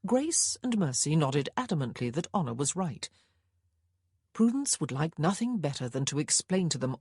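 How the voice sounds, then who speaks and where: A woman reads a historical romance with measured storytelling and a lively, rising and falling pitch. Her voice is breathy and sits close and dry, with no room sound. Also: no room sound. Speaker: audiobook narrator. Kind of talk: scripted narration.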